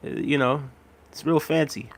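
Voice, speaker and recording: Man on a casual livestream, somewhat high voice, rambles and laughs, talks right to chat. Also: fairly even intonation, normal speed. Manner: rambling and chatty, laughs often, addresses viewers directly.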